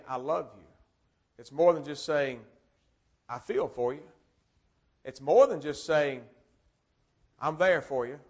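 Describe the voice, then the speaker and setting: A man preaching a sermon, earnest, repeating key phrases and swinging between strong and soft words. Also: fairly high pitch.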